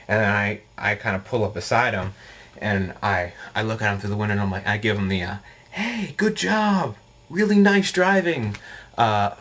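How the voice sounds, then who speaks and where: A young man with a lowish voice tells a story to his camera in a rambling, casual way. He is animated and fills the gaps with likes and ums as the tale tumbles out. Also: fast. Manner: rambling, animated, full of fillers. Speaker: video blogger.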